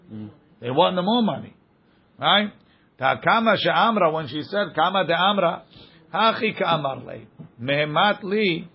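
A man's voice: on the high side, breathy edge, lo-fi sound. A man teaching a daily page of Talmud, reading the passage aloud and explaining it line by line.

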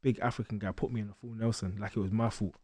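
Fast-talking young man telling a story. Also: lowish voice, dry recording, clean studio sound. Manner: animated storyteller acting out quoted voices. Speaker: guest boxer. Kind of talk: storytelling in a podcast interview.

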